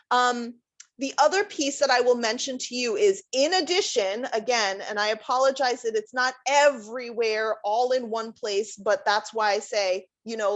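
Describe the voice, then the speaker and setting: A woman with a somewhat high voice presents a career workshop as a center director. She explains things in a loose, conversational way and often pauses on "um" as she walks through each point. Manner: conversational, explanatory, frequent um fillers.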